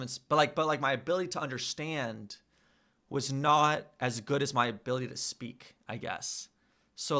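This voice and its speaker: A young man thinking aloud as he studies a language, correcting himself and slowly sounding out foreign words. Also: medium pitch, sharp tone. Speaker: vlogger learning a language. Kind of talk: casual thinking-aloud study session.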